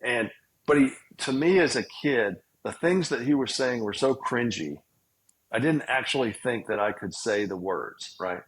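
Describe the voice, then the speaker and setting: A man's voice: medium pitch, animated, moderate pace, a little hiss or hum, poor audio. A man, a guest telling long, rambling stories in an interview. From Southern United States. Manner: rambling, self-aware storyteller. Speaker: guest, healthcare entrepreneur and investor. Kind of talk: storytelling interview.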